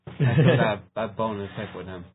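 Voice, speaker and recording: A man's voice: fairly low pitch, expressive, moderate pace. Sheepish man on a tinny line. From Western New York. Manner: self-deprecating, sheepish. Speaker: podcast co-host. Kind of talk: casual banter. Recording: phone-like audio with faint noise.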